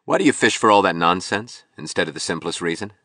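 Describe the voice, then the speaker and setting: A man reading a calm, steady architect. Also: low-pitched, fast, no room sound, clean studio sound, heavily acted. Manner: clear, careful, steady. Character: calm, resolute male architect. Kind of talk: audiobook reading.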